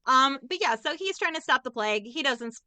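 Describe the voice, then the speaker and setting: A woman's voice: high-pitched, lively intonation, brisk, bright, forceful tone, clean tone, no echo. A woman co-hosting a podcast, casually recapping a movie plot with sarcastic jokes. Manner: sarcastic, jokey, acts out characters' lines. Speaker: podcast co-host.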